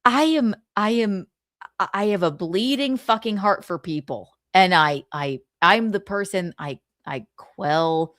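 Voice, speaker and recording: A woman's voice: medium pitch, unhurried, no room sound, studio quality. A woman hosting a livestream, ranting casually with lots of swearing and exasperation. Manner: animated, profane, exasperated. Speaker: livestream host.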